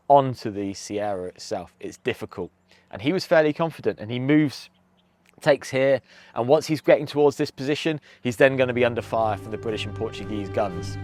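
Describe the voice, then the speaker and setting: A man guiding a walk across a battlefield, explaining events in a lively, conversational way, outdoors on a rocky hillside. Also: mid-range voice, dry recording. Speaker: historian guide.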